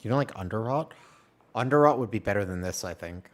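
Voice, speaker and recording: A man streaming a game, chatting casually in a tired, halting way and clearing his throat often. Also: fairly low pitch, lively intonation. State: tired, yawning. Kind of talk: casual gameplay chat.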